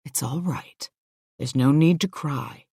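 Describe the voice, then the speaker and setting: A decent middle-aged employer, voiced by a woman reading the story, speaking gently and reassuringly. He stays low and steady, and turns firm when pushed. The recording is dry and close. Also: slow pace, gravelly, breathy edge, no room sound, heavily acted. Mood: soothing.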